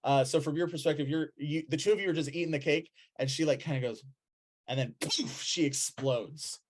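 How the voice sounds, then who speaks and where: A man narrating a tabletop game as game master, pausing often with ums and uhs. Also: on the high side, a little hiss or hum.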